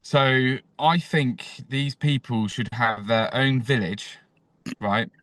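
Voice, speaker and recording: A male comedian chats crudely as a podcast guest and suddenly flares into shouted rants. His voice is mid-pitched and sounds dry and close, with no room around it. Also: slow, dry recording. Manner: crude, bursts into ranting shouts. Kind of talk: casual comedy podcast chat.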